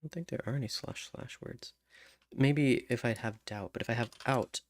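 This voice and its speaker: A man writing song lyrics alone, muttering to himself, humming melodies and trying out rhymes, halting as he thinks. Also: mid-range voice, no echo. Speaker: songwriter.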